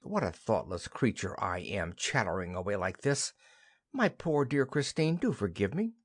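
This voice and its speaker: A man's voice: medium pitch, sing-song, a little slow. A man voicing a cheerful, chattering young wife in an audiobook play reading. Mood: gentle.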